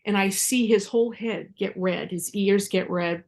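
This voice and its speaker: A woman co-hosting a podcast, telling a family story in a relaxed, measured way. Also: mid-range voice. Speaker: podcast co-host. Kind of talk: casual storytelling chat.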